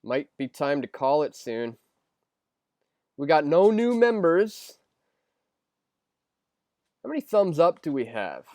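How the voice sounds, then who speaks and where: A young man hosts a loose live stream, reading out viewer questions and answering in a rambling way, full of ums and restarts. His voice sits a bit high for a man. The sound is dry and close, with no room around it. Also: big pitch swings, slow, pauses often, warm tone, no echo. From Canada. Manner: rambling, filler-heavy, restarts often.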